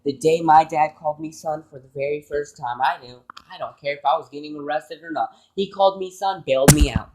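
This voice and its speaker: A man's voice: on the high side, a little fast, hardly any pauses, heavy background noise. A man vlogging, telling an emotional personal story in an earnest, rambling way.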